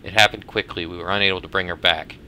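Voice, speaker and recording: A man voicing a doctor who speaks softly and apologetically in a game's story. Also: sits low, fairly even intonation, clear, resonant tone, pitched below the performer's own voice. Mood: somber. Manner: soft, apologetic and measured. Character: somber male doctor breaking bad news.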